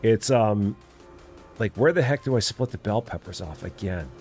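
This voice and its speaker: A man's voice: fairly low pitch, expressive, normal speed, darkish tone. Guy streaming a farm game, bouncy up-and-down voice, joking with chat, bit of music behind. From Illinois. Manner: playful, chatty, answers chat. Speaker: live-stream gamer host. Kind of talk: casual live-stream chat.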